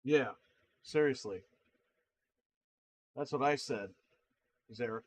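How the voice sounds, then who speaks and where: A man's voice: mid-range voice, slow pace, poor audio. A man hosting a casual livestream, telling blunt, profane, exasperated stories about customers. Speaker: livestream host and console repair seller.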